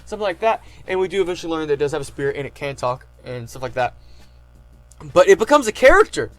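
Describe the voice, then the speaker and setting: A man talks through his favorite story arc in a loose, rambling way, padding every thought with fillers. His voice sits a little high for a man, and he gushes like an eager fan. Faint music plays quietly underneath. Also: fast. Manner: excitable fan gushing. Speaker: anime reviewer. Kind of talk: casual retrospective chat.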